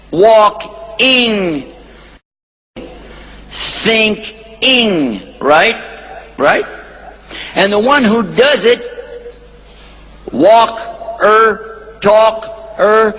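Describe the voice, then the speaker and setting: A man's voice: fairly high pitch, fairly bright tone, in a large hall, a little hiss or hum, poor audio. A man giving a playful Islamic lecture to a live audience, drilling them to repeat words back.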